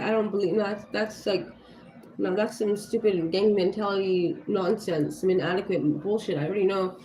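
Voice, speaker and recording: A woman's voice: mid-range voice, fairly even intonation, normal speed, darkish tone. A woman livestreaming in casual talk, blunt and heated, swearing often and filling her speech with "you know" and "like.". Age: adult with young children. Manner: heated, blunt, swears freely, many fillers. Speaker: livestream host. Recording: echoey room with faint ambient noise.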